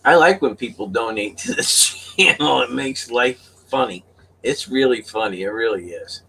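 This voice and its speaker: A man's voice: mid-range voice, normal speed, vocal fry, sharp tone, slightly rough. A middle-aged man hosting his own channel, telling a story in a folksy, casual way and laughing often. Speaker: channel host.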